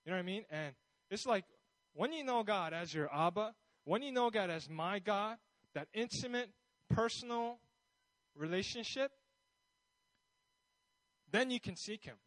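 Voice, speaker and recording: A man's voice: high voice, lively intonation, unhurried, pauses often, fairly bright tone, dry recording, poor audio. A man preaching a sermon in a conversational way, often restarting his sentences and checking in with his listeners. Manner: conversational, with many restarts and asides. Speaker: pastor.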